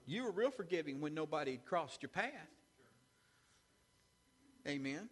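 A man's voice: a little high, animated, normal speed, a bit bright, big-room sound. A man preaching a sermon as pastor, with call-and-response asides to the congregation. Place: church sanctuary.

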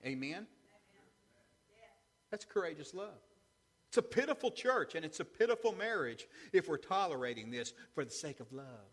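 High, animated preacher in a reverberant hall. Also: male voice, moderate pace, long pauses. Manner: animated preaching with call-and-response asides. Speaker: pastor. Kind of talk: sermon. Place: church sanctuary.

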